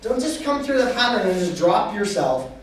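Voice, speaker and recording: A man's voice: high-pitched, sing-song, moderate pace, slight background noise. A man leading a dance class recap, explaining technique and chanting beats to show the rhythm. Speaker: dance instructor. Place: dance studio. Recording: very echoey room, mic far off.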